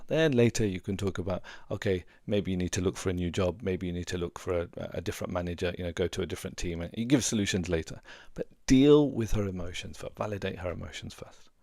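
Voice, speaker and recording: A man's voice: sits low, creaky, a little mellow, no room sound, clean studio sound. A middle-aged man, a relationship coach giving earnest, conversational advice and sharing personal stories. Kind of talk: casual advice talk.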